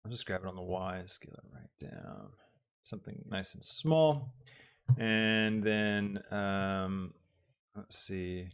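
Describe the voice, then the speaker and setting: A young man hosting a live software tutorial, thinking aloud as he works with lots of ums. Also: low voice, takes it slowly, gravelly, clean tone. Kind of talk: live-streamed casual tutorial.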